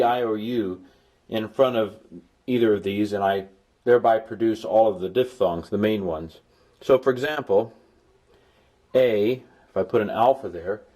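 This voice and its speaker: A middle-aged man with a lowish, darkish voice teaches a recorded Greek lesson. He sounds out vowels slowly and repeats them enthusiastically.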